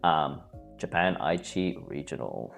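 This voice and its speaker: A man's voice: extremely low pitch, animated, a little slow, creaky, a bit bright, soft background music. A man casually co-hosting a livestream of a card game tournament, chatty and laughing often, greeting viewers in chat. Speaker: co-host and commentator.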